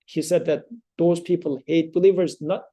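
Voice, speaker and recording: A man leading a study circle, explaining scripture thoughtfully with halting pauses and fillers, and chanting verses in between. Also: fairly high pitch, fairly even intonation, warm tone.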